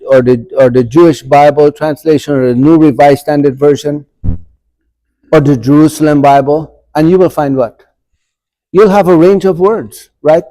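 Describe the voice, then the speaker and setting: A man teaching an adult church forum, asking the group questions and reading scripture verses slowly. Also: a little high, mellow, poor audio. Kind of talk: Bible study lecture. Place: church meeting room.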